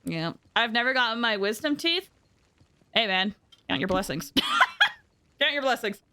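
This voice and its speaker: A woman's voice: fairly high pitch, huge pitch swings, a little slow, very noisy. A young adult woman streaming a game, rambling through anecdotes with lots of giggles and fillers. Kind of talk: casual live-stream chat.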